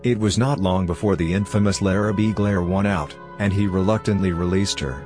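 A man narrating a story in a steady, measured scripted reading. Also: deep voice, over music. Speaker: audiobook narrator.

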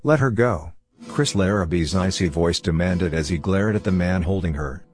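A man narrating a story in a steady, measured scripted reading. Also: low-pitched. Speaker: audiobook narrator.

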